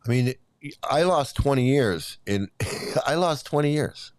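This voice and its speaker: A man's voice: mid-range voice, animated, a little slow, darkish tone, no echo. A middle-aged man giving an angry, profane commentary rant, repeating himself heatedly. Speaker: YouTube commentator.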